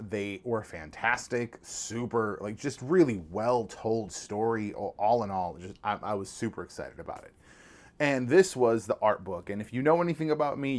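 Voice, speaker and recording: A man hosting a casual podcast, showing off items with eager, rambling enthusiasm and lots of restarts. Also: on the low side. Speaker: podcast host. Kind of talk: casual podcast show-and-tell.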